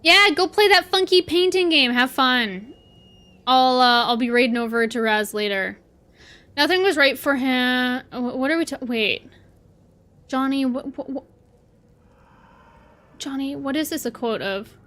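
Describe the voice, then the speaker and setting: A Canadian woman streaming a game, her voice high and bright. She chats loosely with her viewers as she plays and answers them as they come in. The talk is casual and rambling. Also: unhurried, pauses often. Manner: chatty, talks back to chat while playing. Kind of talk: casual livestream chat.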